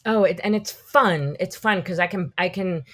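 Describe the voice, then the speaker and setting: A woman in her fifties, a podcast guest, telling animated, rambling stories in a casual interview. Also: lowish voice, normal speed. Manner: animated, rambling storytelling full of "like".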